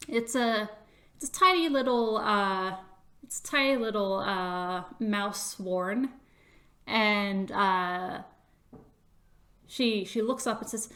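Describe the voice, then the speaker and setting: A woman's voice: medium pitch, slow, long pauses, a bit bright. A woman narrating a tabletop game as game master, with many hesitant fillers.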